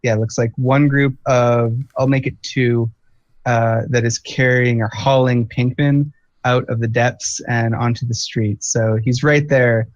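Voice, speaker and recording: A man's voice: mid-range voice, fairly even intonation, unhurried, dry recording. A man running a tabletop game as game master, thinking aloud with many fillers. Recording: dull lo-fi dry recording.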